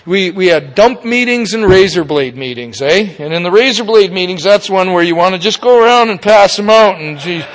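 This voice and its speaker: Middle-aged man, pitched a bit high, frank and salty recovery talk, recorded in an echoing hall. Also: expressive, normal speed, hardly any pauses, fairly bright tone. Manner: candid, profane, folksy with tag questions. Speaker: speaker at a recovery meeting. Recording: long reverb of a meeting hall.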